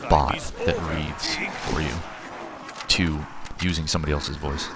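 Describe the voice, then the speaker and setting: A man's voice: extremely low pitch, level tone, unhurried, heavy background noise. A man from in his thirties, streaming a zombie game and chatting loosely with viewers, often rambling and breaking off mid-thought. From Missouri, USA. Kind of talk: casual chat while gaming. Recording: game music and gunfire behind.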